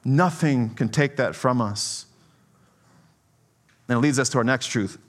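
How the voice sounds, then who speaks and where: A man preaching a sermon in a conversational, animated way, often checking in with "right?" and swinging between soft and emphatic delivery. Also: medium pitch, a little slow.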